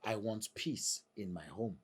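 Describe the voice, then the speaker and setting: Worn out husband, husky, asks for respect. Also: male voice, fairly low pitch, unhurried. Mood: defensive. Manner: pleading, pompous. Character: defensive, weary husband.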